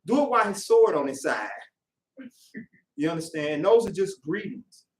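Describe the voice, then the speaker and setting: A man preaching a sermon in casual, conversational speech, lively as he acts out voices. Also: fairly high pitch, moderate pace. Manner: animated, acts out quoted voices. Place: worship hall. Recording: echoey room, voice from far off.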